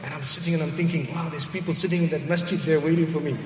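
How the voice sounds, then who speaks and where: A high-pitched man delivers a sermon from some distance away in a large, echoey hall, with faint ambience behind him. He tells his story in a lively storytelling way, sinking his voice low for asides. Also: rapid-fire, a little hiss or hum. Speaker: preacher. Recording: echoey hall recorded from far off.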